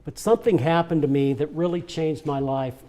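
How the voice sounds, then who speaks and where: A brisk, steady, mellow voice of fairly high pitch belongs to an older man honored at a charity event. He gives a heartfelt personal speech, telling emotional, earnest stories with repeats.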